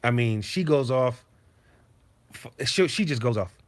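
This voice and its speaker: A man's voice: mid-range voice, animated, measured pace. A man hosting a casual livestream from his home basement, ranting bluntly and profanely. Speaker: streamer host.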